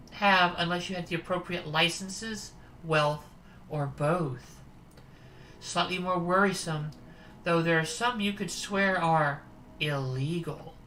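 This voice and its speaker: A woman's voice: fairly low pitch, fairly bright tone, slight background noise, poor audio. A woman streamer reading a dating sim aloud, chatty with amused asides.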